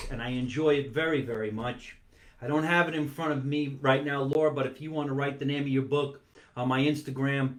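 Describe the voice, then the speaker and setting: With a mid-range voice and a fairly bright tone, a man hosts a comedy talk show from his home basement. He streams the monologue live, chatting playfully while eating and stretching out words for comic emphasis.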